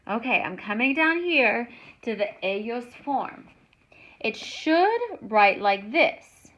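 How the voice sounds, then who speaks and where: A woman teaching a Spanish grammar lesson, explaining slowly and stretching words out to show how they sound. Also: fairly high pitch, expressive, fairly bright tone.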